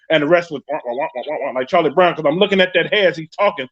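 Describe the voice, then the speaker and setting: A man with a New York accent hosting a live podcast, telling a story in a loud, profane, animated way. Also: high voice, fast talker. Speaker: podcast host. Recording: dull lo-fi stream audio.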